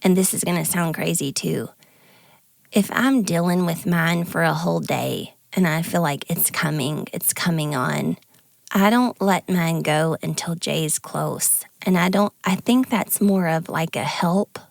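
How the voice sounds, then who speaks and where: A woman co-hosting a podcast, speaking earnestly and tearfully in a halting, confessional way. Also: fairly low pitch, creaky, no room sound, studio quality. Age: adult with grown kids. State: tearful, near crying. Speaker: podcast co-host. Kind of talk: candid conversational podcast talk.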